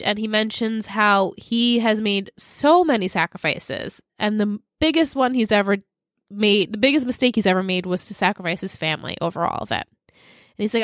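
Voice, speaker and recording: A woman co-hosting a podcast, recapping episode scenes in casual chat and slipping quickly into characters' lines. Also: medium pitch, fairly bright tone, no room sound, studio quality. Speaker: podcast co-host.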